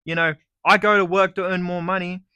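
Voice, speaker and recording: A man's voice: high voice, flat delivery, brisk, bright, forceful tone, clear, resonant tone, no echo. A young man with an Australian accent delivering a sarcastic, sweary comedic rant. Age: young adult. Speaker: vlogger.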